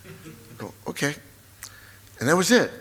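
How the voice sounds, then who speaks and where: A man in his sixties, a guest author in a live stage conversation, telling family stories with lively acted-out moments. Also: fairly high pitch, a little slow, husky. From United States. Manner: animated storyteller, acts out family scenes. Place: auditorium stage before an audience.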